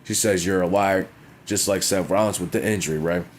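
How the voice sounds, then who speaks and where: Deep-voiced man ranting bluntly. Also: steady tone, brisk, a little hiss or hum. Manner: blunt, profane, frequent "you know what I'm saying". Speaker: wrestling show reviewer. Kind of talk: casual profane rant.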